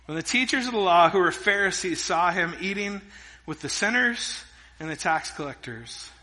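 Middle-aged male pastor, animated storyteller, high and piercing tone. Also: moderate pace. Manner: energetic storytelling preacher, swinging between loud emphasis and hushed asides. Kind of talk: sermon. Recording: long reverb of a large hall.

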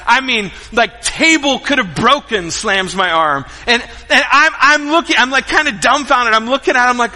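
A man preaching a sermon, telling funny self-deprecating stories and quieting down to pray. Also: very high-pitched, normal speed. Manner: animated, self-deprecating, jokes with congregation; quiet, hushed when praying. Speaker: pastor. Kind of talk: sermon with personal storytelling. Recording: long hall reverb.

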